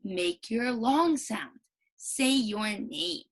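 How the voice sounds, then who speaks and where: A woman voicing a bossy silent letter E that hushedly urges another vowel to say its name, then boasts in quick asides. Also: fairly high pitch, expressive, heavily acted, low-quality recording. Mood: conspiratorial. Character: bossy silent letter E, sly whispering know-it-all.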